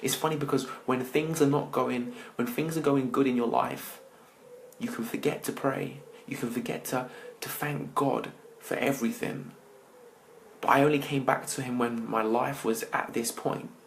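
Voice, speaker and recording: Gravelly-voiced man telling an emotional story. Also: medium pitch, steady tone, a little hiss or hum, rough recording. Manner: emotional storytelling with dramatic pauses, dropping to near-whispers. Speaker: motivational speaker. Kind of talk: personal story told to an audience.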